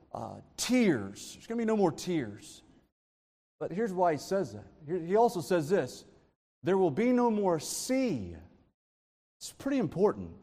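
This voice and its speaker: A man delivers a sermon from a church sanctuary, talking in an informal, animated storytelling way. His voice sits high for a man. Every word trails off into the long reverb of a large hall. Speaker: pastor.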